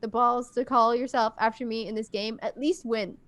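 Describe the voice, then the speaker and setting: A woman's voice: a little high, normal speed. Laughing woman chatting on a podcast. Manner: animated storytelling, laughs often. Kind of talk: casual chat.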